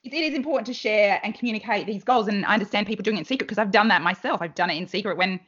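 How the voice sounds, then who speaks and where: A woman's voice: medium pitch, very fast, fairly bright tone, breathy edge, lo-fi sound. A woman hosting a podcast interview, asking her guest questions. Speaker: podcast host.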